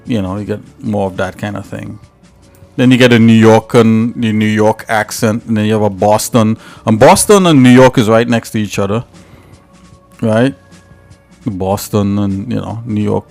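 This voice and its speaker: A man's voice: on the low side, a little mellow. An American man hosting a live stream, chatting with viewers in a rambling, filler-heavy way. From United States. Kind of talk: casual chat with stream viewers.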